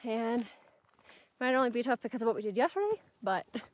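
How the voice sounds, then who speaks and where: A woman's voice: a little high, very animated, fairly quick, muffled recording, slight background noise. A young woman narrating her hiking vlog outdoors on a mountain trail, chatting upbeat to viewers and her dog. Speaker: vlogger.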